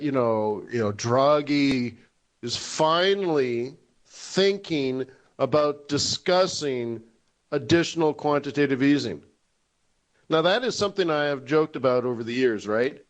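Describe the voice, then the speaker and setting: Man in his 40s, webinar host, unhurried delivery, slightly high voice, jokey. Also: expressive. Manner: joking, laughs at his own jokes. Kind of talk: live trading webinar talk.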